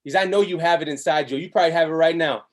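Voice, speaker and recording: A man giving an energetic motivational sales pitch on a live webinar, chanting repeated slogans with big swings in pitch. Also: very fast. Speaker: network marketing presenter.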